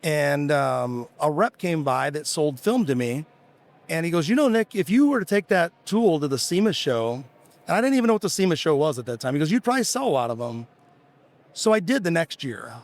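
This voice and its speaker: A man's voice: a little high, very animated, a little fast. A middle-aged American man, a business founder, casually telling rambling stories with quoted dialogue in a podcast interview. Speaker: guest, tool company founder.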